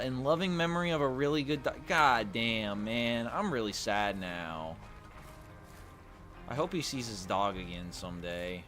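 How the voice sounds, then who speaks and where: Slow-talking crude gamer man. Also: mid-range voice, a bit bright, faint music behind. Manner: crude, profane and sardonic. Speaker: gaming channel host. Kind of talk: casual let's-play commentary.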